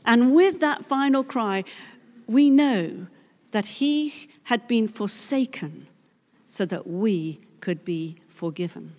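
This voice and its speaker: A woman preaching a sermon in an earnest, dramatic way, moving between hushed and loud passages. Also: medium pitch, lively intonation, slow. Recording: long hall reverb.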